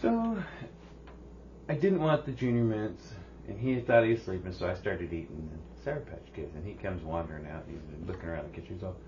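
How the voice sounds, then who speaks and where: A man's voice: sits low, expressive, fairly quick, darkish tone, slight background noise. A man co-hosting a podcast, telling a rambling story full of restarts. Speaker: podcast co-host. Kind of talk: casual chat. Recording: muffled, lo-fi with faint ambience.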